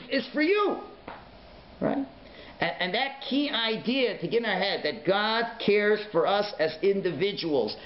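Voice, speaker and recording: A man teaching a Torah class as a rabbi, animated and dramatic, acting out voices, swinging from hushed whispers to sudden shouts. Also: high voice. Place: synagogue learning centre classroom. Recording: echoey room, dull lo-fi sound, faint hiss.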